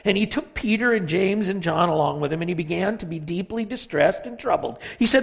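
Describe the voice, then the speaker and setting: A preacher giving a sermon, telling a Bible story with emphatic, animated delivery and pauses. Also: mid-range voice, vocal fry, slightly rough, muffled recording.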